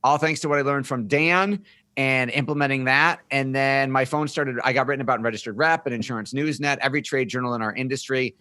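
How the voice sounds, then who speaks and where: A man's voice: medium pitch, quick pace, sharp tone, no room sound. A middle-aged man, a podcast guest, telling his life story in an upbeat, joking interview style. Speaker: podcast guest, marketing firm founder.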